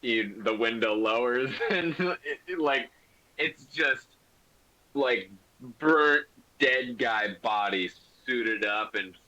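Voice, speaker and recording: A man's voice: medium pitch, lively intonation, slow pace, sharp tone, muffled recording. A man narrating a tabletop game as game master, rambling with many fillers. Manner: rambling, full of "like" and "um".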